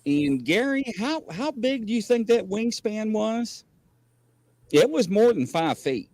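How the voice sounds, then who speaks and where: The paranormal variety show host here has a high-pitched voice and an unhurried delivery. On a casual livestream, he tells rambling stories with animated energy and lots of laughter.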